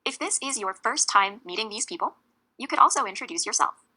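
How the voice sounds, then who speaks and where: A woman narrating a scripted English lesson, speaking clearly and slowly with deliberate emphasis on key words. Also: fairly high pitch, expressive, sharp tone, poor audio. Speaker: English teacher.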